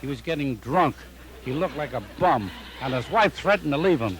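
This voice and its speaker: An older male comedian rattling off one-liners in a punchy, deadpan joke-telling style. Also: mid-range voice, poor audio. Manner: punchy deadpan joke delivery with quick setups. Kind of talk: rapid-fire one-liner joke recording.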